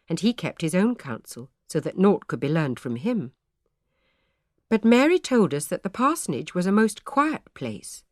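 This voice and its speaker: A woman narrating a historical novel in measured, old-fashioned storytelling speech, close to the microphone. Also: mid-range voice, no echo. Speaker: audiobook narrator.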